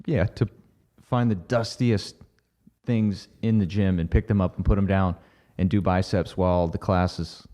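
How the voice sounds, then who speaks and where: A man with a low, warm voice co-hosts a casual podcast. He gives direct, practical advice without fuss. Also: fairly even intonation, normal speed. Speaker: podcast co-host.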